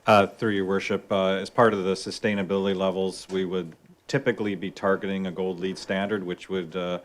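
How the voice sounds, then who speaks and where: A man's voice: low-pitched, level tone, slight background noise. A man giving formal technical answers at a council meeting, addressing the chair properly. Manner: formal, measured.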